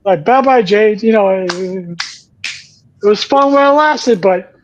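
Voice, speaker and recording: A man's voice: high-pitched, a little slow, highs cut off, slight background noise. A man hosting a casual chat, telling stories in a rambling way with many restarts. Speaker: podcast host.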